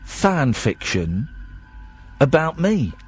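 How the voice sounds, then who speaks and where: A man's voice: a little high, sing-song, very slow, husky, soft background music. A tired man, hosting a late-night radio show in a rambling, chatty, self-deprecating way.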